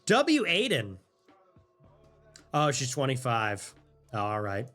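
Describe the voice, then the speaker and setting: A man in his twenties, a livestreamer, ranting fast and animated in casual stream talk, with laughing asides. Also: mid-range voice, faint music behind. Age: 20s.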